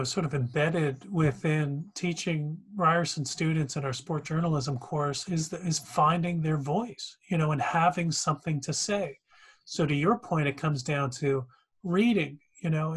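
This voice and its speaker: Affirming husky-voiced instructor host. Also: male voice, fairly high pitch, fairly bright tone. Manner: affirming, summarizing, long run-on turns. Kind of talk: interview host.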